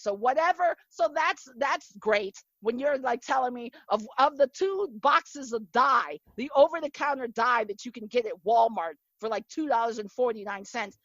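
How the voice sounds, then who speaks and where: A woman with a Midwestern American accent hosting a casual chat, telling stories in an animated way with many fillers. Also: on the high side, normal speed, few pauses, no echo, dull audio. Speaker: podcast host.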